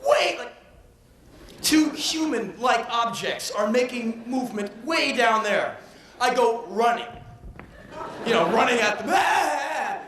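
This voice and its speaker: A man in his thirties performing a comedic spoken word monologue on stage, breathless and swinging from deadpan to yelling. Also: extremely high pitch, unhurried, pauses often, slight background noise. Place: live stage. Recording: echoey live venue on old VHS.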